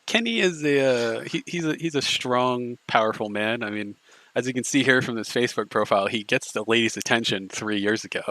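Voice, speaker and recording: Male stream host, casual mocking banter, stumbles over words, mid-pitched and dry. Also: a little fast, pushed and bright, dry recording, poor audio.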